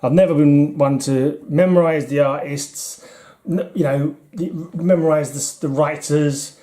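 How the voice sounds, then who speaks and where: A middle-aged British man from the United Kingdom, a comic collector vlogger, chats casually and rambles as he flips through his comics, often chuckling and poking fun at himself. His voice sits on the high side with a dark tone, fairly even intonation, and a measured pace.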